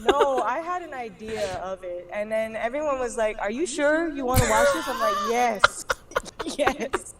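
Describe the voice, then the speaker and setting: High, animated woman telling a story. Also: normal speed, recorded from a distance, very noisy. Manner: animated storyteller who laughs often and uses slang. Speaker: guest on a live drawing stream. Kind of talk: casual chat.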